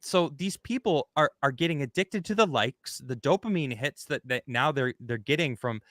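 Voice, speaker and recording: Bright-voiced man hosting a chatty podcast. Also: medium pitch, normal speed, no echo, clean studio sound. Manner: animated, rambling, acts out quoted people. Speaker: host. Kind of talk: casual podcast chat.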